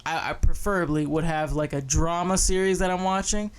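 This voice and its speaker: A young man co-hosting a casual podcast, his voice smooth, clear and slightly high. He rambles loosely, swears freely and restarts his sentences often. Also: fairly even intonation, fairly quick. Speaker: podcast co-host. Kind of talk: casual chat.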